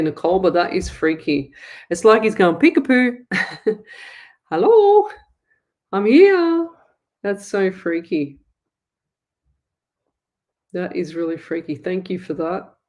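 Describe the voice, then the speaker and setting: A woman psychic medium from Australia hosts a live stream, reading viewer comments off her screen with excited exclamations and quick laughs. Her voice sits a little low for a woman.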